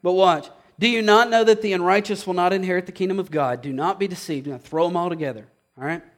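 Impassioned high-voiced preacher. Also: male voice, quick pace. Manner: impassioned, swings from hushed to loud. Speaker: pastor. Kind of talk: sermon.

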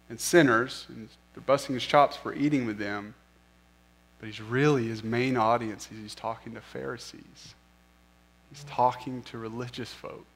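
A man preaching a sermon as pastor, conversational and self-deprecating, often asking the listeners questions. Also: medium pitch.

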